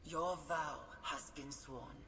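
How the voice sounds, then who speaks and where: A wistful woman mage's ghostly echo in a fantasy game, solemn and reflective, with a faintly German-like accent. Her voice sits low and rings in a long, hall-like reverb. Steady noise hums under the game audio. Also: slow. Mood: gentle. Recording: echoey, noisy game audio.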